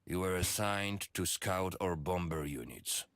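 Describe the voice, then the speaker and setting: A man's voice: deep voice, a little slow, fairly bright tone, no room sound, studio quality. An actor playing a blunt, matter-of-fact wartime airman in a video game.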